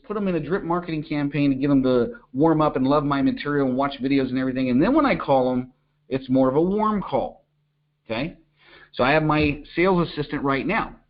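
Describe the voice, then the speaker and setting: Upbeat coach, "okay?" after every point. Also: male voice, on the high side. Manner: energetic, repeats "okay?" to check in, acts out little phone calls. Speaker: business coach. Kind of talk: coaching talk to an online audience. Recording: dull lo-fi audio.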